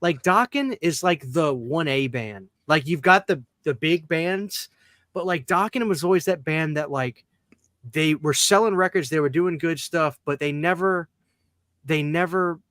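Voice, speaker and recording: A man's voice: fairly high pitch, unhurried, a bit bright, no room sound. A man hosting a podcast in casual chat, ranting bluntly and emphatically with plenty of profanity. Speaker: podcast host.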